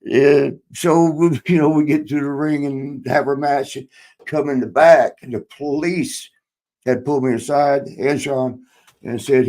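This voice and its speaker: A man's voice: mid-range voice, fairly even intonation, a little slow, darkish tone. An older man in his sixties tells stories in loose, rambling podcast chat. He swears freely, laughs often and slips into the voices of the people he quotes. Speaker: podcast host, former wrestler. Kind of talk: casual storytelling chat.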